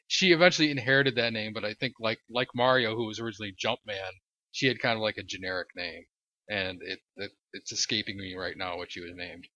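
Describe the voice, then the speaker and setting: A man's voice: on the low side, pushed and bright. A man co-hosting a podcast, chatting casually with dry, sarcastic asides. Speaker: podcast co-host. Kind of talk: casual chat. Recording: dull lo-fi audio.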